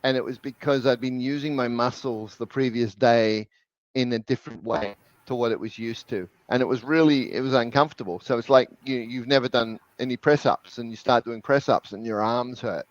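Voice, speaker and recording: A man at a middle pitch explains with energy, doubling up his words as he talks. He sounds close and dry, over a slightly dull video-call line. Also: a little fast, no room sound. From New Zealand. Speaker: guest language expert. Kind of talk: webinar interview, explaining.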